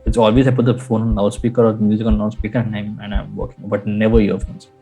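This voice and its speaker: A man with a low, husky, mellow voice rambles through a personal story on a podcast, restarting sentences as he goes. Faint music sits behind him. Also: level tone, quick pace, rough recording. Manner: rambling, with many fillers and restarts. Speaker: podcast co-host.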